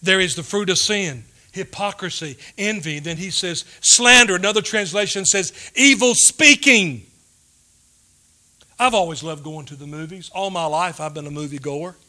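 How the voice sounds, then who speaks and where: A man delivers a sermon in a high voice. His tone is bright and forceful. He swings between loud emphasis and quiet, hushed asides. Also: normal speed. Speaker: pastor.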